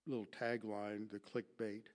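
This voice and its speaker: A man's voice: on the low side, little pitch movement, a little slow. A man giving a Bible lesson from slides, explaining Greek grammar and asking his audience questions that he then answers himself. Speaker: Bible teacher. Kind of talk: classroom lecture with slides.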